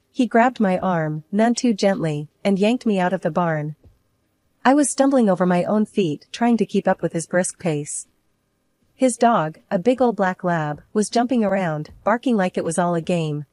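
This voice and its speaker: Brief: female narrator, tense dramatic first-person storytelling, close and dry, mid pitch. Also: expressive, normal speed, warm tone, no echo.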